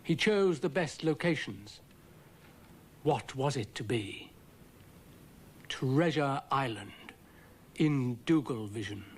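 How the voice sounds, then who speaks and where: A man narrating a children's cartoon at an unhurried pace. His delivery is dry and wry, with a lively rise and fall in his voice. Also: medium pitch, slightly rough. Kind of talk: storybook narration.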